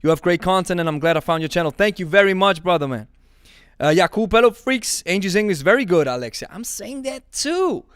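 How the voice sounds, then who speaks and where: Guy hosting a live stream, kinda high voice, jokey and repeats stuff, dry close sound. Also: fast talker, fairly bright tone, clean tone, dry recording. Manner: joking, laughs often, repeats himself. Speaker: podcast host reading live chat. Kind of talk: casual live-stream chat.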